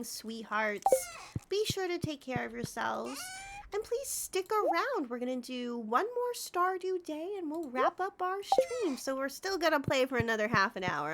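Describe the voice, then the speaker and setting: A high, bright-sounding woman chats away as she plays a game on a live stream, giggling often and calling out to viewers by name. Loud background noise and clicking sit under her voice. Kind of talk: casual live-stream chat while gaming.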